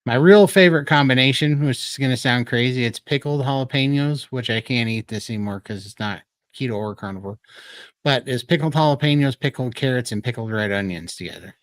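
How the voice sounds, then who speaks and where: A man's voice: medium pitch, a little fast, no echo. A man co-hosting a casual livestream chat over a video call, talking loosely with frequent laughs and rambling asides. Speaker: co-host of a livestream show.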